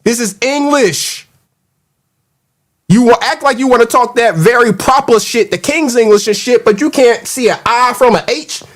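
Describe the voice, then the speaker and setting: A man's voice: very high voice, moderate pace. A man hosting a casual livestream, ranting in a mocking, profane, heated way and reacting to the live chat. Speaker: show host.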